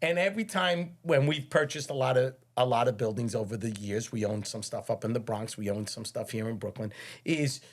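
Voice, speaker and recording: A man's voice: medium pitch, brisk. A middle-aged man hosts a podcast, chatting casually and repeating words while he finds his thought. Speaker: podcast host, architect. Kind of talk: casual interview conversation.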